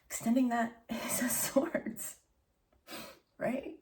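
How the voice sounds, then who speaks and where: A woman's voice: medium pitch, a little slow, vocal fry, recorded from a distance. A woman giving a channeled tarot reading, intimate and emotional, often dropping to a whisper and calling listeners honey and baby. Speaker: tarot reader.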